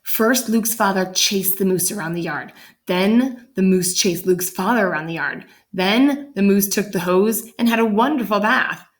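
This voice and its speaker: A woman reading a children's picture book aloud in an animated way, jumping up in pitch for the characters. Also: normal speed, reverberant. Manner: animated, voices the characters with big pitch jumps. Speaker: storyteller.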